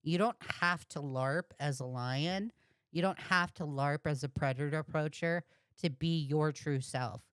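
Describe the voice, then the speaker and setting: A woman with a lower, smooth voice talks through her reactions at a slow pace. Her commentary is blunt and laced with swearing. The sound is close and dry. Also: no room sound. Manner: blunt, profane, heated. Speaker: reaction streamer.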